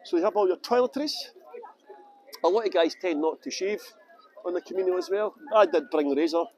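A Scottish tour guide livestreams on a hand-held phone while outdoors in sunny town streets, chatting and rambling casually. His voice is high-pitched and a little fast, and he answers viewer questions with fillers.

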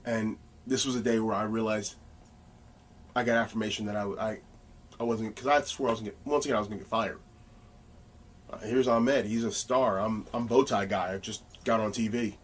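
A man as an interview guest, telling casual anecdotes in an animated, blunt way with some profanity. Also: on the low side, a little fast, slightly rough, recorded from a distance.

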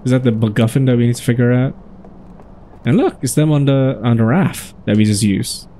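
A man's voice: mid-range voice, a little fast, warm tone. A man hosting his own gaming videos, chatting casually and thinking aloud as he plays. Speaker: gaming channel host. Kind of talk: casual let's-play commentary.

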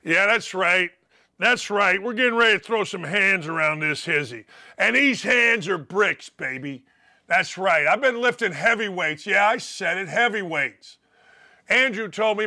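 A man's voice: sits high, expressive, normal speed, sharp tone. A middle-aged man hosting a sports talk show, delivering a brash, combative and mocking monologue.

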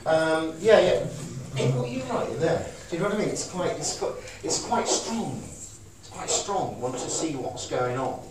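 A man's voice: fairly high pitch, expressive, normal speed, hardly any pauses, over a noisy crowd. A man giving an informal, joking talk to a live audience, acting out emotions as he goes. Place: small event room. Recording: echoey room, voice from far off, audible noise.

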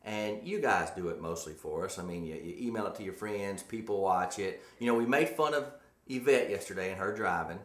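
A man's voice: deep voice, a little fast. A man hosting a casual talk show, telling rambling stories and teasing his co-host. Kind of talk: casual chat. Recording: echoey room.

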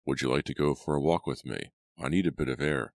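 एक आदमी द्वारा पढ़ा गया एक सख़्त, हुक्म चलाता पिता, बहुत गहरी आवाज़ में।. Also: male voice, extremely low pitch, brisk, creaky, no room sound, studio quality. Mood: stern. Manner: firm, commanding. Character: stern, strict colonial father.

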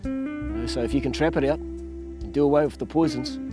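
A man's voice: mid-range voice, expressive, moderate pace, over music. A man with a New Zealand accent, a predator trapper explaining his work outdoors, plain-spoken and practical. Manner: plain-spoken, practical, calls people mate. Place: outdoors in the bush.

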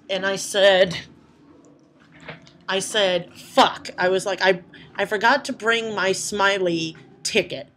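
A woman chatting casually to her vlog audience, swearing a lot as she tells animated stories. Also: medium pitch, slight background noise. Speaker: vlogger. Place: indoors at night.

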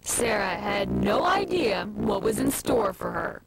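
A woman's voice: medium pitch, very animated, a little slow, gravelly, heavy background noise. A woman doing scripted TV voice-over narration with a dramatic, teasing delivery. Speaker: show narrator. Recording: broadcast voice-over over loud music.

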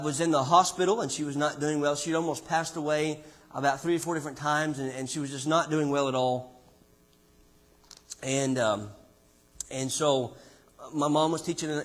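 A man with a high voice preaches in a church, telling a personal story. He drops almost to a whisper on key words and then climbs into loud, ringing passages. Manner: dramatic swings from hushed to loud preaching. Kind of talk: sermon. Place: church sanctuary.

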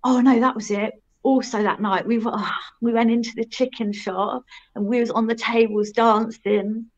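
A woman's voice: a little high, steady tone, moderate pace. Frank woman, muffled audio. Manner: frank, rambling, laughs at herself. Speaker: guest telling her life story. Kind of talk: casual storytelling.

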